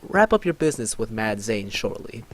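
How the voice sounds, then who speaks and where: A man's voice: lowish voice, very animated, moderate pace, slight background noise. A man voicing a composed male lord of mages, speaking in formal, old-fashioned phrases.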